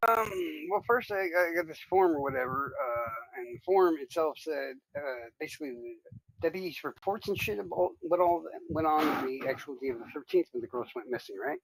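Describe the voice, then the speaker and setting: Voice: mid-range voice, a bit bright, no room sound, poor audio. A streamer with a Southern US accent, rambling casually and profanely through a true-crime story on a livestream. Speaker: livestream host. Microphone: desk mic on a livestream.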